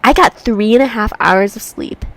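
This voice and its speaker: A woman's voice: fairly high pitch, normal speed. A woman vlogging at home, chatting casually while she works on a puzzle, rambling through stories with a congested voice. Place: room at home by a heater.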